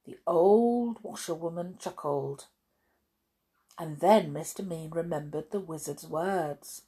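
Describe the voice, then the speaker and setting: A woman reading a children's storybook aloud with expressive, swooping emphasis. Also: lowish voice, measured pace, husky.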